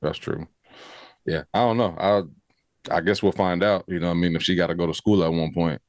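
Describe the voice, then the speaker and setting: Podcast co-host, man, very deep voice, easygoing slangy talk, dry sound. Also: brisk, no room sound. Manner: relaxed, loose slang, fillers like "you know what I mean". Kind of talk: casual review chat.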